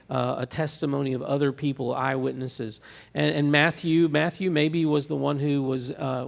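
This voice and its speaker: A man's voice: mid-range voice, creaky, a little mellow, in a large hall. A man preaching a sermon as pastor, in a conversational style with frequent restarts and fillers. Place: church sanctuary.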